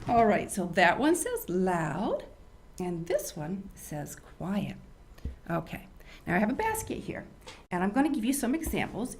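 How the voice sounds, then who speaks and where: An older woman hosting a children's show, reading stories in an animated, sing-song way. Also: medium pitch, a little hiss or hum. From United States. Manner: animated, sing-song storyteller, acts out loud and whispered voices. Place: studio.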